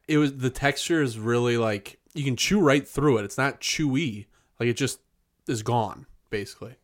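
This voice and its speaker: A man's voice: medium pitch, normal speed. Loose-talking man hosting a podcast. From Wisconsin. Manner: loose, swearing, joking. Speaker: podcast host. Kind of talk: casual chat.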